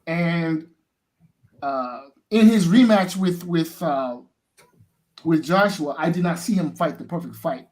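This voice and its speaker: Guy with a fairly high voice talking boxing, kinda halting, lots of restarts. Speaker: boxing show guest. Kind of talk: casual boxing analysis.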